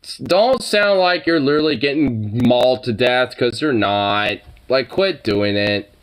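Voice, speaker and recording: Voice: mid-range voice, lively intonation, measured pace, clean tone. A live streamer chatting casually with a profane manner, reacting to chat and scolding and cooing at pets.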